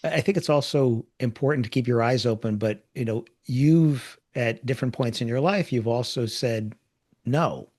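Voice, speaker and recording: A man's voice: mid-range voice, moderate pace, darkish tone. A male podcast host in casual, affirming conversation with his guest. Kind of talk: casual interview chat.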